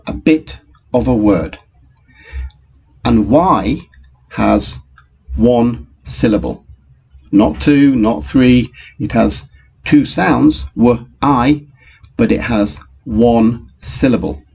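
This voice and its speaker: A man with a gravelly edge to his voice gives a phonics lesson to young children at a very unhurried pace. He explains things patiently and speaks straight to the pupils. Faint computer typing sits under his voice. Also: on the low side, a little mellow, slight background noise. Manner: slow, patient, talks directly to young pupils. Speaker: primary school teacher.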